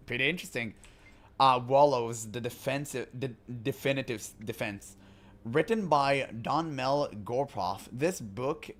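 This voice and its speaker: Man reading game lore aloud, joking. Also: mid-range voice. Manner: reads in-game books aloud with joking asides and laughs. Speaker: gaming commentator.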